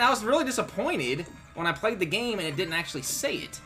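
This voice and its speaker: A man's voice: sits high, big pitch swings, a little fast, a bit bright. A man chatting casually while streaming games, rambling and swearing in a laid-back way. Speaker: game streamer. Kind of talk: casual live-stream chat. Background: game music.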